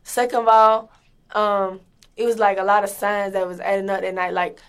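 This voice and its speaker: A woman from Atlanta tells a story. She is blunt and emphatic and swears freely. Her voice is mid-pitched. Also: level tone, normal speed, clean tone. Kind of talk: telling a story.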